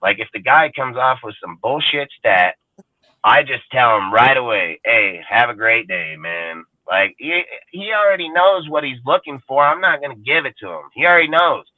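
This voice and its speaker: A man's voice: mid-range voice, animated, normal speed, no room sound. Heated profane man on a tinny line. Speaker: podcast co-host. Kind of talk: casual profane fan talk. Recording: tinny phone-like sound, dry.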